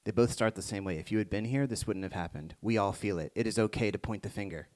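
A man preaching a sermon to a congregation, moving between hushed reflective passages and rising emphatic ones. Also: fairly low pitch, quick pace. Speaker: pastor.

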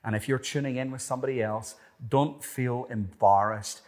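A man with an Irish accent preaching a sermon as pastor, earnest and emphatic, swinging between forceful rises and hushed, quiet passages. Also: medium pitch, moderate pace.

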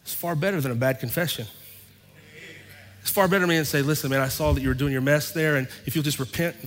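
A man's voice: fairly high pitch, quick pace, fairly bright tone. A man preaching a sermon as pastor, telling a personal story and acting out both sides of an argument. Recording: long reverb of a large hall.

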